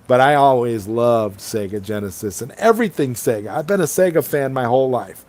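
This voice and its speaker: A man's voice: medium pitch, animated, brisk, a little mellow. A man hosting a casual late-night livestream chat, reading viewer comments aloud and rambling enthusiastically between them over an online call. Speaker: livestream host. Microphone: online streaming call.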